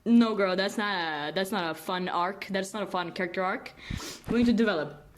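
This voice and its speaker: A young adult woman, not a native English speaker, co-hosting a casual podcast chat, jokey and quick to laugh. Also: medium pitch, slight background noise. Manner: giggly, animated, jokey. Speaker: podcast co-host.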